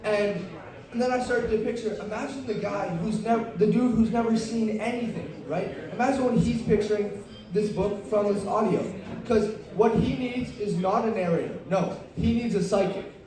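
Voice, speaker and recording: Young male stand-up, high voice, rambling and self-deprecating, heard from afar in a very echoey club. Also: moderate pace, crowd noise. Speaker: stand-up comedian. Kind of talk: stand-up comedy set. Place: comedy club stage. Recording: roomy, distant live club mic.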